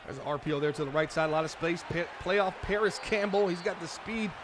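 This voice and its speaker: His slightly high voice moves at a quick pace as he streams a football franchise mode, offering fan-style play-by-play. Crowd noise and other background noise mix with the game's music and sounds.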